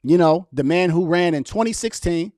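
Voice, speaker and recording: A young man hosts a casual political livestream, talking straight to his viewers and firing back at their chat comments. His voice sits a little high and his delivery is animated and argumentative. The sound is dry, with little room echo. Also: moderate pace. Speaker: political vlogger reading live chat.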